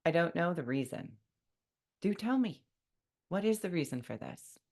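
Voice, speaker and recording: A woman's voice: lowish voice, animated, moderate pace, darkish tone. A woman hosting a solo podcast, talking in a wry, conversational way and mock-quoting what people say. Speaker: podcast host.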